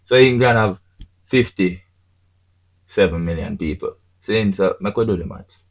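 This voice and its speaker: A man's voice: low voice, measured pace, vocal fry, low-quality recording. A Jamaican man hosting a podcast, chatting casually in patois and often checking in with "you see me". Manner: patois-laced, rhetorical, keeps asking "you see me". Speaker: podcast host. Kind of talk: casual chat.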